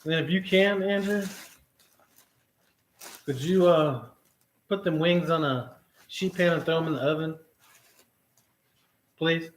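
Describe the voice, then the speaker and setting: Profane, animated man telling a story. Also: fairly high pitch, measured pace, long pauses. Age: middle-aged. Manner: profane, animated retelling with quoted dialogue. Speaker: trucking vlogger. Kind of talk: casual storytelling vlog.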